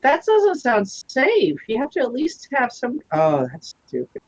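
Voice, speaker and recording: A woman's voice: fairly high pitch, huge pitch swings, unhurried, slight background noise. A woman co-hosting a casual talk show, cutting in with blunt, teasing comebacks. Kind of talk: casual chat. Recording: dull, lo-fi, dry stream audio.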